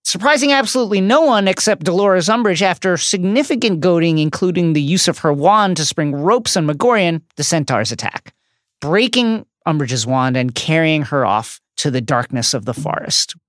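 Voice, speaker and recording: Expressive woman co-host telling a story. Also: on the low side, moderate pace, no room sound. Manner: storytelling recap with dry jokes. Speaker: podcast co-host. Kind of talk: book discussion podcast.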